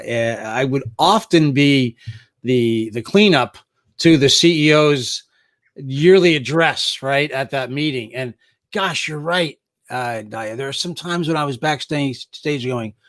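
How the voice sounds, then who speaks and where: A man's voice: medium pitch, takes it slowly, a bit bright. A man hosting an interview, chatting and telling stories from his days as a performer before asking questions. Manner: chatty, storytelling, asks questions. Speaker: podcast host. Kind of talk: interview conversation.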